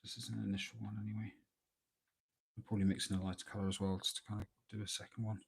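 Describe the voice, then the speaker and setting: Low husky man chatting while painting. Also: very fast. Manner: relaxed, rambling, thinking aloud with many fillers. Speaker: miniature painting streamer. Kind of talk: casual live painting commentary. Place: at a hobby desk at home.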